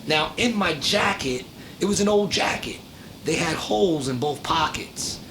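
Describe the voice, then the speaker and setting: Man, casual storytelling, profane, animated, slightly high voice, noisy low rumble behind. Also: unhurried. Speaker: podcast host telling a story.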